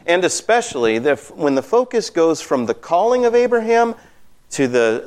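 A man teaching a Bible study class, talking in an animated, emphatic way with many fillers. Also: mid-range voice, clean tone.

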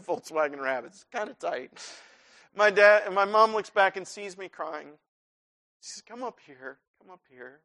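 High-voiced man preaching a sermon. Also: bright, forceful tone. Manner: personal storytelling, rising to impassioned emphasis.

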